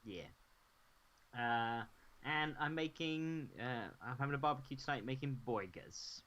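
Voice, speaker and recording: A man's voice: medium pitch, unhurried, sharp tone, smooth, muffled recording. A man co-hosting a live stream, reading chat questions and laughing often in an upbeat, casual way. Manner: giggly, upbeat.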